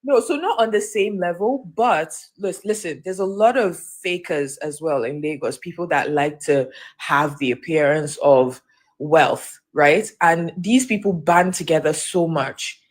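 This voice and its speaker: A woman's voice: low-pitched, measured pace. A woman giving blunt opinions as a guest on a casual livestream chat. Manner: blunt, opinionated, asks to be heard out.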